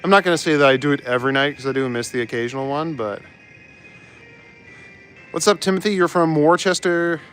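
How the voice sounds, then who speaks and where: Soft music plays as a young Canadian streamer walks city streets, laid-back and chuckling often while he reads out and replies to his chat. His fairly high voice is brisk and fairly bright, and he pauses often.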